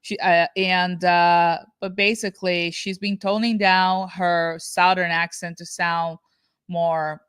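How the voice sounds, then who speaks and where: A woman's voice: fairly low pitch, flat delivery, unhurried, few pauses, fairly bright tone, clear, resonant tone, no room sound, studio quality. A woman co-hosting a casual reaction podcast, chatty and talking with many restarts. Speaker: podcast co-host.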